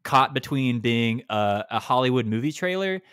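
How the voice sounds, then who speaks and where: A man in the middle of a casual gaming podcast, venting at length and tripping over his own restarts. His voice sits at an ordinary middle pitch. The close microphone sounds dry, with no room around it. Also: normal speed, clear, resonant tone, dry recording. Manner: animated, ranting, lots of restarts. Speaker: podcast co-host.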